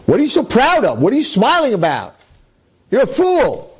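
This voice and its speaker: A scornful male devil taunting a simple man in a spoken story, as a male rabbi puts him on. The voice is husky and swoops with contempt, rising sharply on insults. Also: high voice, very animated, slow, darkish tone, voice pushed up, exaggerated voice, poor audio. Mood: mocking. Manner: sneering, mocking. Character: scornful male Satan, mocking tempter.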